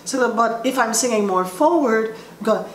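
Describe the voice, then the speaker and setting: A woman voice teacher explaining vocal placement in a slow, halting way, often restarting her sentences. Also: fairly high pitch, animated. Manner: explains slowly with frequent restarts. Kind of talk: instructional talk with sung demonstrations. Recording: roomy echo with faint ambient noise.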